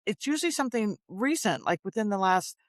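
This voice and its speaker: A woman at a middle pitch talks candidly and reflectively, opening up about her emotions with earnest feeling. The sound is dry and close, with no room in it. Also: lively intonation, brisk, dry recording. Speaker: show host in recovery. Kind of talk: candid conversation.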